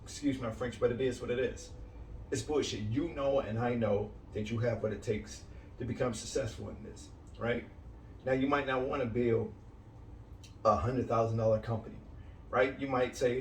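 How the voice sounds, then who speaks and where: A man's voice: medium pitch, steady tone, normal speed. A man giving a blunt, direct motivational coaching talk to people starting cleaning businesses. He punctuates his points with "right?" and "okay?" and repeats key lines for emphasis. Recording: roomy sound from a distant mic with faint background noise.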